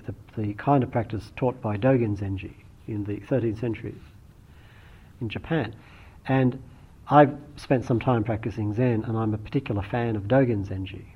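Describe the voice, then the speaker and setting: Man, meditation teacher, slightly husky, reflective dharma talk with restarts, dull lo-fi recording. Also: lowish voice. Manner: thoughtful, unhurried, with frequent restarts.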